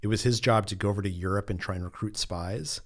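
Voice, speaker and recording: Middle-aged man, author guest, low voice, lively storyteller, casual fillers. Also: fast talker. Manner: animated storyteller, acts out quotes, frequent "like" fillers. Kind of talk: conversational storytelling interview.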